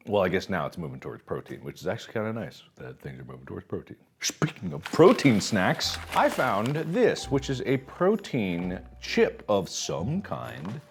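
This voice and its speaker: A man's voice: sits low, very animated, moderate pace, vocal fry, faint music behind. A man in his thirties hosting a casual snack review, joking and rambling, sometimes talking with his mouth full. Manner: jokey, rambling, talks while chewing.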